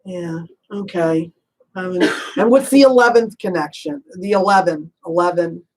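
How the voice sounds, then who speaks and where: A woman's voice: fairly low pitch, rough recording. A woman working as a psychic medium, giving a casual reading in a chatty way, laughing often and calling the listener honey. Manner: chatty, warm endearments, frequent "you know"; laughs easily, asks rapid probing questions.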